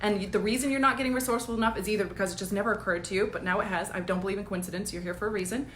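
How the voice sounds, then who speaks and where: A woman business coach giving a casual live-streamed pep talk, energetic and blunt, laughing often and swearing casually. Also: medium pitch, rapid-fire, reverberant, slight background noise.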